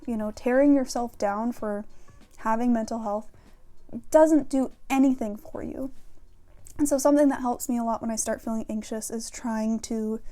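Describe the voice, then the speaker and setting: A young woman with a slightly high, dark-toned voice vlogs candidly to camera about mental health. She talks frankly and casually, with lots of fillers and casual swearing.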